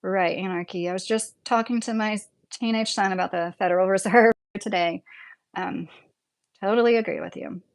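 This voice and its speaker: A woman with a Midwestern accent talks in a loose, rambling way as she hosts a livestream. She sits at a mid pitch for a woman, answers chat messages as they come, and laughs easily between her thoughts. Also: fairly even intonation, normal speed, gravelly. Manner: chatty and rambling, laughs often. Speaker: livestream host reading chat.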